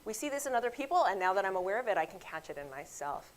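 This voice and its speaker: In rapid-fire delivery and a mid-range voice, a woman doctor gives a grand rounds talk built on lively clinic tales, complete with acted-out quotes and direct remarks to her listeners. The recording sounds poor.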